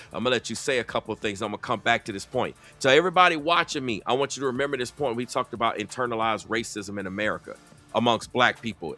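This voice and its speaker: A man's voice: medium pitch, pushed and bright. A man giving a reaction commentary, confrontational and lecturing, speaking straight to the person in the clip.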